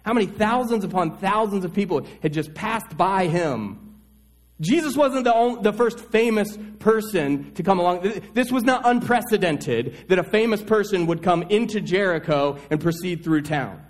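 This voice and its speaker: A male pastor delivers a sermon in an easy, conversational way. He leans on rhetorical questions to pull listeners in. His voice sits a little high for a man. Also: lively intonation, normal speed.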